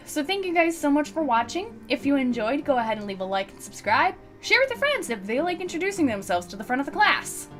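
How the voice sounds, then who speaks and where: A woman's voice: high-pitched, big pitch swings, brisk, few pauses, a bit bright, soft background music. A young woman hosting a visual novel playthrough, chatty, rambling and self-deprecating. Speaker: let's play host. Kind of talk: game commentary and reading.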